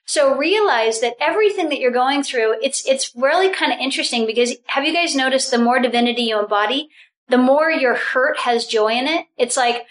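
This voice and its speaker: A woman leading a spiritual group session, talking with animated energy, laughing often and restarting her phrases. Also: sits high, brisk, poor audio.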